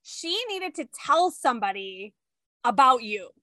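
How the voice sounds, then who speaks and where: A woman in casual chat, telling family stories in an animated way and acting out quotes. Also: a little high, a little slow, no room sound. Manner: animated storyteller, acts out quotes.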